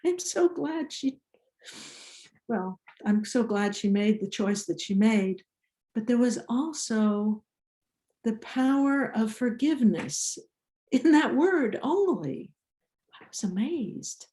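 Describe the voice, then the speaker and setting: An older woman with an Icelandic accent tells a personal story at a slow, measured pace. Her voice sits fairly high and sounds mellow and soft. She circles back and restarts phrases as she goes. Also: lively intonation, roomy sound. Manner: slow, deliberate, with small restarts. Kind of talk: personal story told to an audience.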